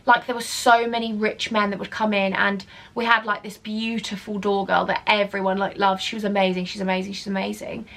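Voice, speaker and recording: A young woman in her twenties telling a storytime vlog in an animated, gossipy way, often dropping into whispers. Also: medium pitch, brisk, few pauses. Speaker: vlogger.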